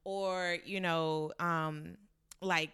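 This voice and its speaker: A woman's voice: fairly low pitch, fairly even intonation, extremely slow, a bit bright, clean tone. A woman in her twenties, a guest telling a candid story in casual chat, laughing often. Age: 20s.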